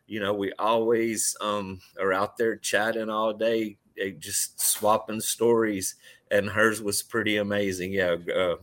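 A man with a somewhat low voice chats casually about fishing trips. He rambles easily, with plenty of fillers. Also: little pitch movement, measured pace, fairly bright tone. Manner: easygoing, many fillers. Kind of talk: casual chat.

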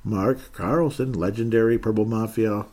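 Slightly low and a bit mellow, this man's voice moves at a normal pace as he hosts a relaxed sports talk show. He reads listener comments out loud, chats with plenty of laughter, and briefly slips into a jokey Canadian accent.

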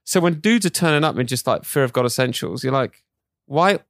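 A man's voice: medium pitch, animated, quick pace, vocal fry, dry recording, studio quality. British man telling a chatty story. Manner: chatty storyteller, calls people darling, laughs often. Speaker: podcast guest, fashion designer. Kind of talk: casual chat.

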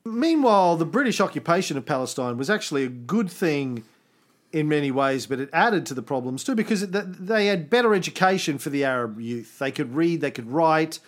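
A man's voice: a little high, lively intonation, a little fast. A man co-hosting a casual history podcast, reading notes and tossing in jokey asides. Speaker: podcast co-host.

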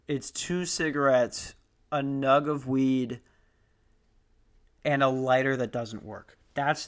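A man's voice: a little high, fairly bright tone. A young man doing stand-up, telling a story in a profane, sarcastic rant. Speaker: stand-up comedian.

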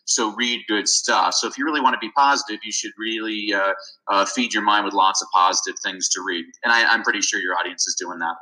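Bright, animated male storyteller. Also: on the low side, a little fast, low-quality recording. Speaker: guest, reading advocate. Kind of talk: storytelling interview talk.

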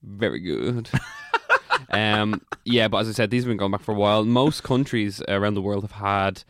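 A man's voice: lowish voice, normal speed, no echo. A man co-hosting a podcast, rambling through explanations with plenty of playful laughing. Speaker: podcast co-host. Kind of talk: casual podcast chat.

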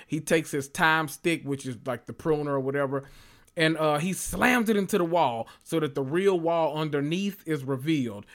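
Sassy, animated man with a raised voice. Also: a little high. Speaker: recap vlogger. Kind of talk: casual TV recap and reaction.

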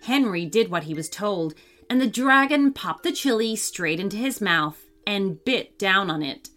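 A woman's voice: mid-range voice, lively intonation, unhurried, fairly bright tone. Woman narrating a bedtime story. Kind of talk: scripted narration. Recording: faint music under the voice.

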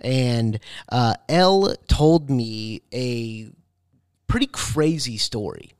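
A man's voice: mid-range voice, animated, drawn-out words, darkish tone, clean tone, no room sound, studio quality. A young adult man hosting a ghost-story podcast, chatting casually and reading a listener's letter aloud. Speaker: podcast host.

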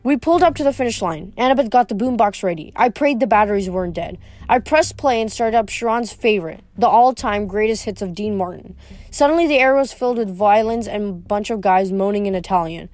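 A woman's voice: medium pitch, fairly quick, a little mellow, no echo. A woman reading a novel aloud in a plain, unpolished way, with small slips and restarts. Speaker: reader.

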